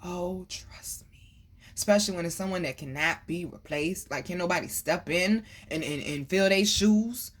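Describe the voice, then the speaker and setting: A woman doing a casual tarot reading for her viewers in a lively, preaching cadence. She calls them baby and boo. She swears easily and without any edge. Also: on the low side, moderate pace, hardly any pauses. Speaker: tarot reader.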